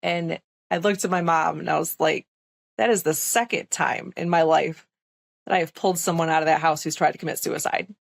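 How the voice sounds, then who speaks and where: Low, gravelly-voiced young woman. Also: fairly even intonation, fairly quick, no echo. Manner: chatty, full of "like" and "um", emphatic retelling. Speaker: nurse, podcast guest. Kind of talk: casual interview storytelling.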